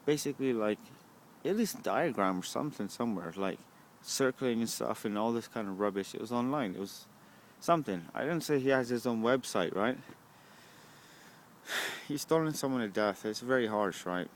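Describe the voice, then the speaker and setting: A man's voice: mid-range voice, animated, moderate pace, slight background noise. A young man, rambling to the camera at a bus stop, swearing often and asking "right?" a lot. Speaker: vlogger.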